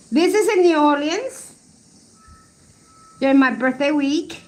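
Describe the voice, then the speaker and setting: A woman in her forties from Colombia, a livestream host chatting casually, laughing often and reminiscing while she reads the live chat. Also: high-pitched.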